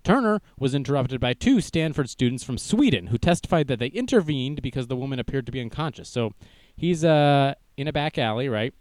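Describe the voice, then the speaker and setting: A man's voice: mid-range voice, expressive, a little fast, darkish tone, no room sound. A young man hosting a casual livestream news show, joking and self-deprecating as he goes. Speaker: news stream host.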